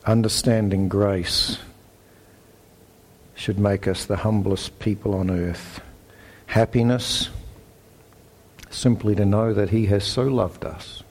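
A man with a New Zealand accent delivers a sermon in a somewhat low voice. He is earnest and emphatic, reading scripture aloud and pressing each point home. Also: fairly even intonation, slow pace, pauses often, a little mellow. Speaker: pastor.

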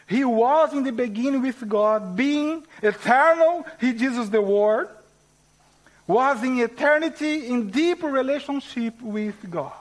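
Portuguese-accented male preacher, high-pitched, deliberate and slow, stresses key words. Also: low-quality recording. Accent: Brazilian Portuguese. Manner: slow, emphatic teaching with rising stresses. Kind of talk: sermon.

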